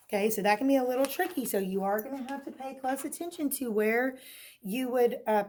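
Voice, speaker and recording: A woman's voice: medium pitch, a little mellow. A woman teacher giving a recorded phonics lesson. She talks patiently, checks in with a frequent "okay?", and asks questions that she then answers herself. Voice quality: clears her throat now and then.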